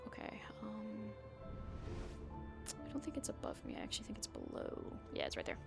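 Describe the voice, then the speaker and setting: A woman's voice: very deep voice, huge pitch swings, moderate pace, gravelly, in a whisper, loud music behind the voice. A young woman streaming a video game, chatting with her viewers in a rambling, casual way and often losing her train of thought. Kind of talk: casual live-stream chat while gaming.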